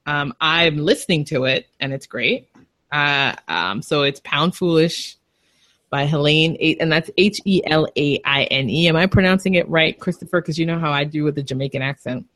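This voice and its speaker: A woman's voice: low voice, normal speed, a bit bright, dry recording. Chatty woman podcaster, dry sound. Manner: chatty, rambling, laughs easily. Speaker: podcast co-host. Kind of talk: casual chat.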